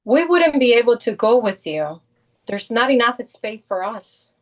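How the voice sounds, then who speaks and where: Woman as a stern but loving mom, slightly high voice, slow measured delivery. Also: sing-song.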